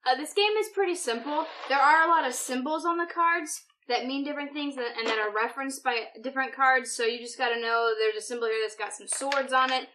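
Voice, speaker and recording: A woman's voice: sits high, a little fast, few pauses, bright, forceful tone, a little hiss or hum. A woman co-hosting a board game review, explaining things in a chatty, rambling way. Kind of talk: casual review chat.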